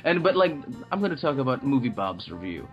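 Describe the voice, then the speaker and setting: A man of ordinary pitch talks in a casual movie chat, excitable and swearing freely as he rambles and restarts. The sound is a little muffled, and faint music sits underneath. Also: a little fast. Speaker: podcast co-host.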